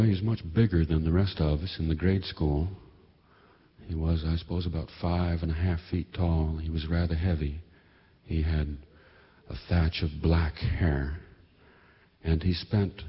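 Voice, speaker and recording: A man telling a reflective story in a slow, measured, understated monologue. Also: sits low, husky. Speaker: radio storyteller. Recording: muffled recording with long reverb.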